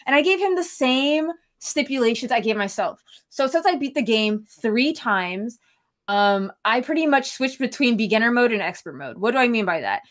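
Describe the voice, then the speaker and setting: A woman's voice: sits high, very animated, fairly quick. Fired-up, swearing woman podcaster. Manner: heated, profane ranting. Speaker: podcast co-host. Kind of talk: casual podcast chat.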